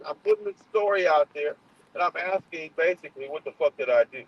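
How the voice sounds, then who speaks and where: Fired-up guy ranting on his stream, kinda high voice, muffled audio. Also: a little fast, slight background noise. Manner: heated, profane, restarts often. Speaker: channel host. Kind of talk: casual livestream talk. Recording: muffled lo-fi sound.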